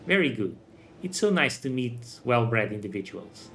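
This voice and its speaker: A man's voice: mid-range voice, sing-song, measured pace, fairly bright tone. A genteel, fussy well-to-do lady, polite and a little flustered, as a man reads her lines. Her manner is prim and proper. Faint music plays underneath.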